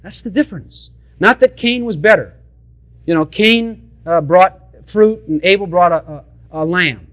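A man's voice: high voice, measured pace, a bit bright. A male preacher delivering an emphatic sermon and speaking directly to his congregation, often repeating his points.

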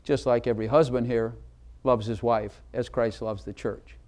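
A man's voice: medium pitch, steady tone, normal speed, darkish tone. Emphatic preacher questioning his congregation. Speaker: pastor. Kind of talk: sermon.

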